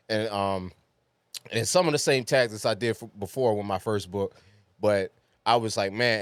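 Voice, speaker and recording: Male podcast host, smooth and animated, dry studio sound. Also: on the low side, no echo. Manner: animated, laughs often. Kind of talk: casual podcast chat. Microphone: studio mic.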